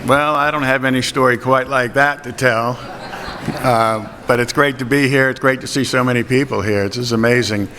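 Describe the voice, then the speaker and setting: An older man giving a modest, hesitant acceptance speech with many pauses and ums. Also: medium pitch, fairly even intonation, a crowd in the background. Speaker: award recipient. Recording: hall reverb, faint room noise.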